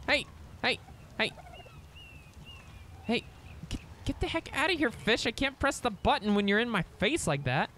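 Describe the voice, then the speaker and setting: Excitable gamer with a hugely swinging voice. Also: male voice, high voice, a little slow, long pauses, background noise. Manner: excitable, squeals and shouts at in-game pets. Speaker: let's play gamer. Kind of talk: gameplay commentary.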